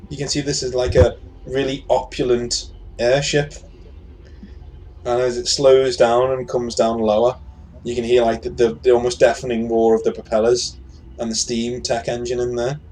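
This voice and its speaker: A man's voice: medium pitch, level tone, moderate pace, darkish tone, faint music behind, rough recording. A man narrating a tabletop game as game master, casual and rambling with many fillers.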